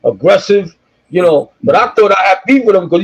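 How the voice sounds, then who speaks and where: Male podcast co-host with a fairly high voice and dull, lo-fi sound, telling a story with lively energy. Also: brisk. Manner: animated anecdote teller. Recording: dull lo-fi audio.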